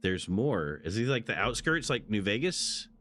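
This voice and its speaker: A man's voice: on the low side, very animated, normal speed, a bit bright, a little hiss or hum. A man casually commenting on his first playthrough of a game, chatty and laughing often. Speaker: gaming channel host. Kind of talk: casual let's-play commentary.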